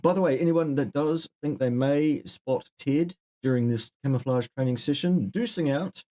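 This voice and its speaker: A man's voice: mid-range voice, moderate pace, dark tone. A middle-aged man co-hosting a live question-and-answer chat, who gives dry, joking answers and drifts into asides. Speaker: co-host answering viewer questions.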